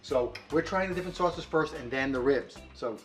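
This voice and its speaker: Man, casual home cooking vlog, slightly high voice, rambling chatty delivery, faint music under it. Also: moderate pace. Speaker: co-host cooking on camera. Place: home kitchen and grill.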